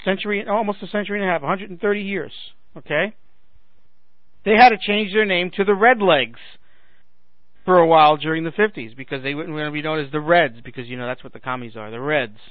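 A man's voice: fairly high pitch, brisk, no echo. A man in his forties hosting a talk radio show, ranting sarcastically at listeners while fighting a failing voice. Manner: ranting, sarcastic, addresses listeners as ladies and gentlemen. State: losing his voice, clearing his throat. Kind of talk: political talk radio monologue. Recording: dry phone-like radio sound.

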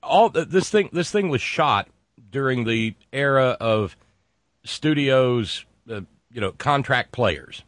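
A man co-hosting a podcast asks his question politely, hesitating and restarting as he goes. His pitch moves around a lot. The sound is dry, with no room echo. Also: animated, slow pace, fairly bright tone.

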